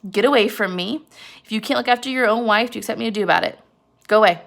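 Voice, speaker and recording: A woman's voice: on the high side, very fast, vocal fry, a bit bright. A woman voicing a respected male ranch leader who brushes off an accusation, within a retold story. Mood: irritated. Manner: dismissive, brushing someone off.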